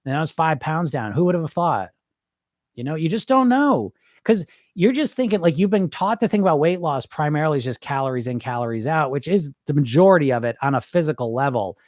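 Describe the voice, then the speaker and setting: This man hosting a live podcast has a fairly high, darkish voice with big pitch swings, talking fairly quickly in clean studio sound with no echo. While reading stream comments, he speaks bluntly and forcefully, hammering his points home through repetition.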